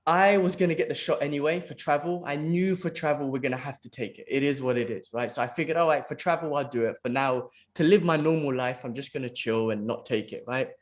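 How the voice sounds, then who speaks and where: A man's voice: mid-range voice, fast talker, few pauses. A man on a podcast, talking casually with a friend. He tells his stories with animation and swears without a second thought, dropping "bro" every few lines. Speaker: podcast co-host. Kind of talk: casual chat.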